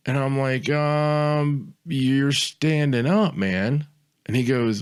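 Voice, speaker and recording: This man's voice is smooth and medium in pitch, and he speaks slowly. Co-hosting a podcast, he tells a loose, rambling story, repeating words and performing quotes with animation.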